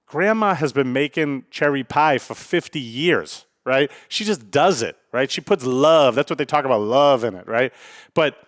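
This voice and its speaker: A man's voice: medium pitch, animated, moderate pace, dry recording, clean studio sound. A man hosting a solo podcast in a blunt, casual way, often tagging his sentences with a questioning "right?" and swearing freely. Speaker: podcast host.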